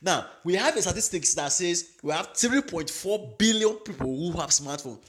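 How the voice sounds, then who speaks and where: A man's voice: high-pitched, lively intonation, normal speed, a bit bright, a little hiss or hum, rough recording. A man with a non-native English accent giving earnest, repetitive crypto advice straight to his viewers. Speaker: crypto commentator. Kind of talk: casual advice talk to camera.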